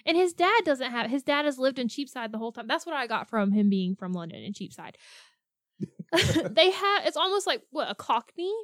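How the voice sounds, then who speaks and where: A woman co-hosts a casual movie podcast, chatting playfully and laughing easily. Her voice sits a little high, smooth and resonant. The recording is close and dry, with no room sound. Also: very animated, normal speed, a bit bright, dry recording. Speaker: podcast co-host. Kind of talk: casual movie-recap chat.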